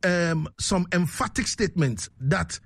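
A man with a Ghanaian accent hosts a relaxed radio show, reading listener messages, laughing often and repeating "you understand me" with animation. His high voice is gravelly and a bit rough, at a measured pace. The recording is dry.

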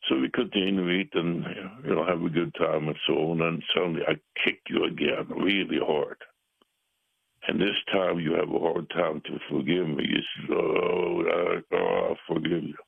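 A pastor speaking as a radio guest over the phone, earnest and halting, with many pauses and fillers. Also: male voice, low voice, steady tone, vocal fry, slightly rough, no room sound. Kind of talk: radio call-in conversation. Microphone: telephone. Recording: tinny phone line.

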